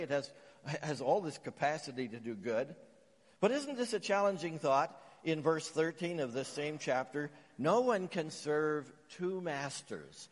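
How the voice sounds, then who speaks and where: A man's voice: on the high side, long reverb tail. A man from Canada preaching a sermon, telling stories and raising emphatic questions as he teaches. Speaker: pastor.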